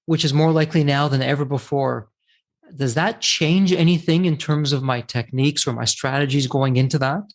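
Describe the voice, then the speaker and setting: A man's voice: fairly high pitch, moderate pace. A man from the United States hosting a podcast interview, affirming his guest and asking curious questions. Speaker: podcast host.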